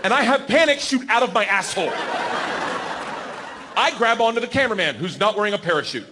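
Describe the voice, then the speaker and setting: Stand-up comic in his forties, high voice, loud and profane, noisy live club recording. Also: fairly quick. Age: 40s. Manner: rowdy, profane, animated acting-out. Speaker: stand-up comedian. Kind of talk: stand-up storytelling. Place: comedy stage before a live crowd.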